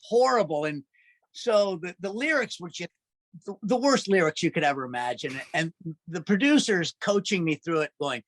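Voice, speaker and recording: A man's voice: sits high, expressive, moderate pace, dry recording. A man guest telling stories in a casual interview, chatty and laughing often. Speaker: musician guest.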